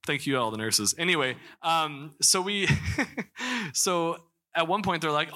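A man's voice: fairly high pitch, unhurried, bright, forceful tone. A young man from Missouri telling a candid personal story to a church congregation, with many restarts and fillers. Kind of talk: personal testimony in a church talk.

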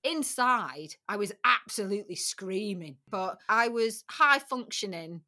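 A middle-aged woman talks candidly as an interview guest. Her voice is bright and carries force, even in hard passages. She tells her story plainly and emotionally, with repeated phrases. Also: mid-range voice, a little slow. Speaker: podcast guest.

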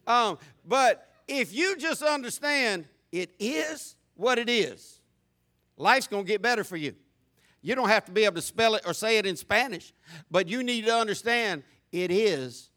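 A man's voice: extremely high pitch, lively intonation, normal speed, pushed and bright. A man preaching a folksy, humorous sermon, stumbling through many stammered restarts.

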